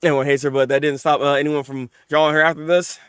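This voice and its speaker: A man hosting a live manga reaction, talking in casual slang, often laughing and swinging between mumbled asides and loud excited outbursts. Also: on the high side, fast, clear, resonant tone, no room sound, clean studio sound.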